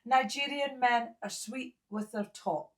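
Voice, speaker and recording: A woman's voice: fairly high pitch, unhurried, fairly bright tone. A middle-aged Scottish woman talking in an interview, blunt and bawdy, laughing at her own jokes. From Scotland. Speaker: guest. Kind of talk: candid interview talk.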